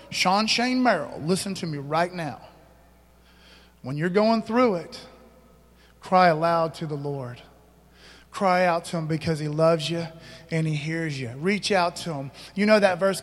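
A man pastor preaching a sermon in a church, casual and conversational, full of slang and questions to the congregation. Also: a little high. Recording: long hall reverb.

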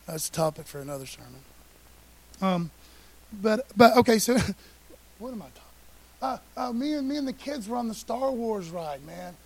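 Pastor, middle-aged man, high-pitched; easygoing slangy sermon, loud then hushed, light hiss. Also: big pitch swings, moderate pace, long pauses, low-quality recording. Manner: conversational preaching, swinging between loud and hushed; casual slang and asides. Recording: faint hiss.

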